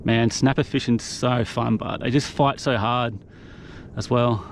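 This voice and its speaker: A man's voice: medium pitch, a little slow, a little hiss or hum. A young man, commentating his own kayak fishing live, exuberant and breathless, recorded outdoors on an action camera. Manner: exuberant, whooping, breathless excitement.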